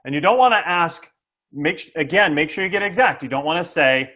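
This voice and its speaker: This guest, a middle-aged SaaS sales coach, has a little high, bright, forceful voice that's animated and a little fast. He lays out sales tactics for an interviewer with energy, acting out conversations with buyers and repeatedly checking in with "okay?".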